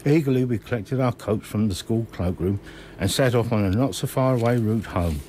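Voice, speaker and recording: A man in his sixties from Kent, reading his own memoir slowly and measuredly in a radio studio. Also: lowish voice, mellow, slight background noise.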